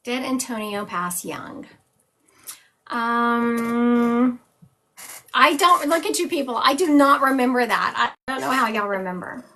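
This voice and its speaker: A woman's voice: fairly high pitch, animated, a little slow, creaky, pauses often, pushed and bright. A woman hosting a live psychic reading stream, relaying visions and chatting with viewers between readings. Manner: describes visions as "he is showing me". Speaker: psychic medium host.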